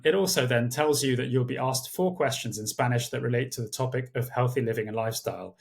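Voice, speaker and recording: A man giving a recorded exam tutorial, speaking in a measured way with many uh and um fillers. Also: medium pitch, a bit bright. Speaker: language tutor. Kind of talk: screen-share exam tutorial.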